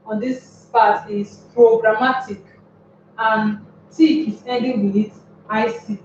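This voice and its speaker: A woman teaching an English lesson on word stress, explaining step by step and repeating words slowly. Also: fairly high pitch, a little hiss or hum. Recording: very echoey room, far from mic, dull.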